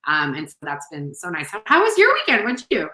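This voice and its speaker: A woman's voice: fairly low pitch, wildly swooping pitch, fast, pushed and bright, echoey room, low-quality recording. A woman hosting a podcast in casual chat, talking loosely with lots of "like" and "you know". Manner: chatty, heavy use of "like" and "you know". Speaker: podcast host.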